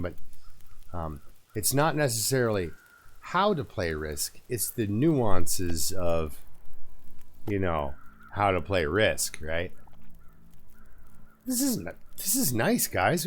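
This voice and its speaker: Man, middle-aged, lowish voice, rambling, chatty game streamer, talks to chat. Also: very animated, normal speed. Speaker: gaming streamer. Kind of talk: casual live-stream chat while playing.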